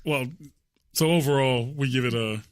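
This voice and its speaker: A man's voice: mid-range voice, normal speed, clean tone, no room sound. A man hosting a casual podcast chat, often stammering and repeating words as he talks. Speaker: podcast host.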